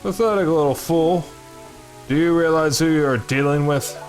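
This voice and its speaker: A man's voice: fairly high pitch, normal speed, soft background music, voice pushed up, lightly acted. A man voicing an arrogant, menacing male sorcerer king from a video game, taunting a child.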